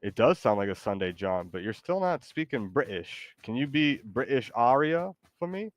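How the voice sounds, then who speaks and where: A man's voice: medium pitch, big pitch swings, normal speed, dry recording. A man chatting casually and playfully while streaming a game. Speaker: Twitch streamer. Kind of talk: casual gaming stream chat.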